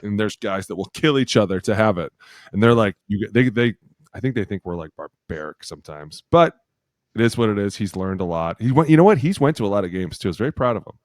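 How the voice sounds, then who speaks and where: A man in his thirties, a former football lineman and podcast co-host, telling stories with excitement, swearing and acting out what people said. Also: on the low side, fast, dry recording, clean studio sound. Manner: excitable storyteller who swears and acts out quotes. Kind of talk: casual chat.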